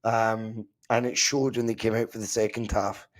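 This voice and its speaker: Fairly low-voiced and talking at a normal speed, a Scottish podcast host watches football live with his audience. His remarks are casual, animated and occasionally profane as he reacts to the match and the chat.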